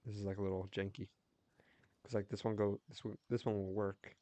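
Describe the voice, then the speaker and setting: Young man, low-pitched voice, rambling, casual game stream chat, dry close sound. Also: flat delivery, mellow, no echo. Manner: rambling, storytelling with quick restarts. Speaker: livestreamer. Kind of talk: casual chat while gaming.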